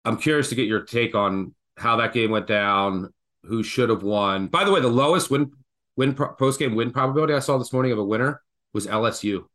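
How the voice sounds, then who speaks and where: Excitable man hosting a betting chat. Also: medium pitch, fairly quick. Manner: animated storytelling, excitable. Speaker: podcast host. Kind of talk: casual sports betting chat.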